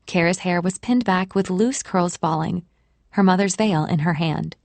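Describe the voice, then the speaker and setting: A woman narrating an audiobook in a gentle, measured manner. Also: on the low side, vocal fry, no room sound. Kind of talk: scripted narration.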